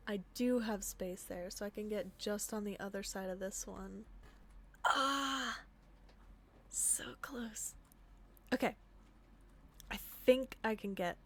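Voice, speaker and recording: A young female streamer with a mid-range voice chats casually to herself while gaming, with a slight hiss or hum in the audio. When things get tense and she's sneaking, her voice falls to a whisper.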